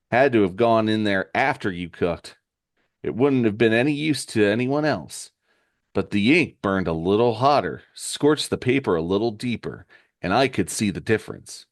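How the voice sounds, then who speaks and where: A man's voice: mid-range voice, no room sound, studio quality, pitched above the performer's own voice, natural voice. A man voicing a cocky young male fire-powered hero in a comic read-aloud, sarcastic and taunting.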